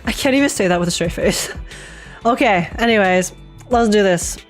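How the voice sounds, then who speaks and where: Woman, live streamer, casual chat with viewers, giggly, repeats herself, mid-pitched, soft music underneath. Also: moderate pace. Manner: chatty, laughs often, restarts phrases.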